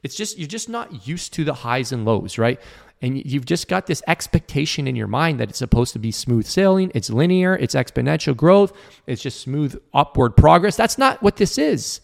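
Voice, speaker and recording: A man's voice: a little high, very animated, normal speed, vocal fry. A man hosting a motivational podcast, speaking earnestly in a coaching tone to entrepreneurs and acting out the people he quotes. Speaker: podcast host.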